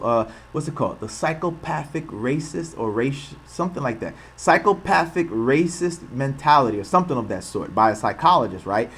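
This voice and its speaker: Male stream host, average pitch; impassioned rhetorical commentary, hammers points by repetition. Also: slightly rough. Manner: impassioned, rhetorical, repeats himself for emphasis. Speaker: channel host. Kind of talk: livestream commentary.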